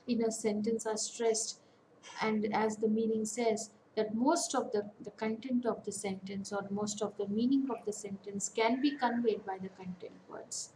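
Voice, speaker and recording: A woman giving an online lecture, slowly listing example words one by one with pauses. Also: a little high, mellow, roomy sound, a little hiss or hum, poor audio. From India. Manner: slow, deliberate, lists words one by one with pauses. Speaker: academic counsellor. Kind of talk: online lecture on English phonetics.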